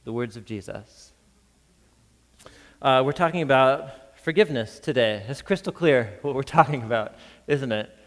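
A man preaching a sermon as a pastor, lively and chuckling, acting out the voices in the scripture reading. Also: medium pitch, moderate pace, in a large hall. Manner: lively, reads scripture with acted voices, laughs often.

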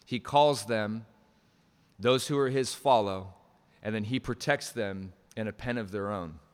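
A man's voice: fairly low pitch, measured pace, clean tone, long reverb tail. A male pastor preaching a sermon, emphatic, pushing key phrases up and restarting mid-sentence.

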